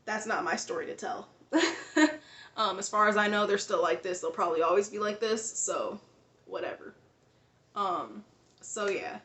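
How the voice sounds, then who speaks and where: A woman's voice: mid-range voice, moderate pace, fairly bright tone, reverberant. A woman vlogger telling a personal story in a casual, rambling way, full of fillers, restarts and frequent laughs.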